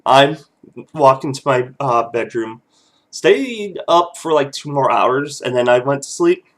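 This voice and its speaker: A man's voice: mid-range voice, lively intonation, measured pace. A man in his thirties, a father casually telling family stories, chuckling often and loose with fillers. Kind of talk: casual storytelling vlog.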